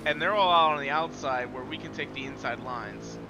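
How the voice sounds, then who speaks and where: A man's voice: medium pitch, a little fast. A man giving live, profane commentary on his racing gameplay, trash-talking rivals as he drives. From United States. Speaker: streamer. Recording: loud game engine noise underneath. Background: racing game car engines.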